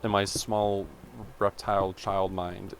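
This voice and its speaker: Here the same sort of young vlogger, a man in his twenties, speaks in a low voice with little pitch movement and takes his time. His meandering personal tale is chatty and self-interrupting, stuffed with "like," fillers, and side trips, over a faint hiss or hum.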